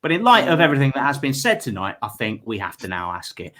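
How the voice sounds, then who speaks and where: A man hosting a comedy panel show, chatting casually and reading out questions in a wry, measured way. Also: mid-range voice, wildly swooping pitch, bright, forceful tone.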